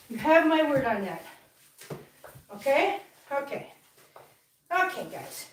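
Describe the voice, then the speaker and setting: A woman's voice: sits high, very animated, slow pace, pauses often, roomy sound, distant mic, slight background noise. A woman vlog host chatting casually as she cleans at home, rambling along and cooing to her cats. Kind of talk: casual chat while cleaning. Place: home, indoors.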